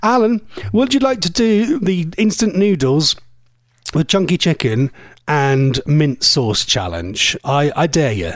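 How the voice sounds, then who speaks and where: A man presenting a casual radio show, rambling and chatty, his voice going a bit hoarse. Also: fairly high pitch, expressive, takes it slowly, no echo. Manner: rambling, chatty, laughs often.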